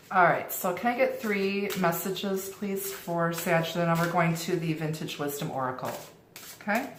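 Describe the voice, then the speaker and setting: A woman's voice: fairly low pitch, normal speed, a little hiss or hum. A middle-aged woman giving a tarot reading in a reassuring way, often repeating and restarting her phrases. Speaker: tarot reader. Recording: roomy echo.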